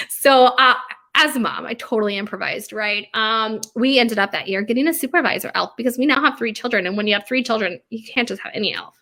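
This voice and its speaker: Chatty bright-voiced woman. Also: fairly high pitch, fairly quick. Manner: chatty, laughing, rambling asides; talking quietly at times. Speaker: vlogger and bakery owner. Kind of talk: casual chat.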